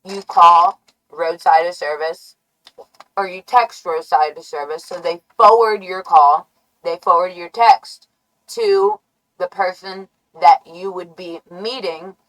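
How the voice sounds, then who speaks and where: A woman's voice: fairly low pitch, animated, takes it slowly, fairly bright tone, low-quality recording. A woman live streamer rambling in a brash, taunting, profane way. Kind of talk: rambling livestream rant.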